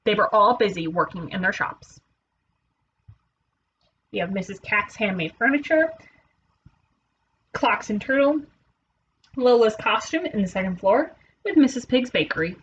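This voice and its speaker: Expressive woman teacher reading aloud. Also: medium pitch, unhurried, long pauses, dull audio, slight background noise. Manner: expressive, playful storyteller. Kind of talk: children's read-aloud.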